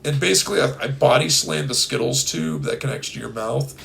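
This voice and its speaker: A hoarse young man co-hosting a podcast in casual, playful, rambling chat. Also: medium pitch, a little fast, fairly bright tone, a little hiss or hum. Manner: playful, rambling, breaks into silly bits. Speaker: podcast co-host.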